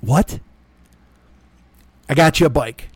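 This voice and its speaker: A man's voice: on the high side, takes it slowly, slightly rough, dry recording. A middle-aged man rambling through a profane, self-deprecating story as a podcast host, acting out both sides of conversations. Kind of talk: casual storytelling monologue. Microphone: laptop recording.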